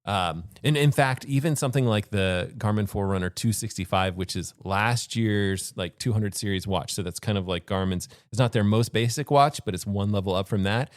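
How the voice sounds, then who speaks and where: Lowish guy rambling about gear on a podcast, lots of "like", dry close sound. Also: moderate pace, hardly any pauses, dry recording. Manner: rambling, self-correcting, frequent "like". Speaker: podcast co-host and watch reviewer. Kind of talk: casual chat.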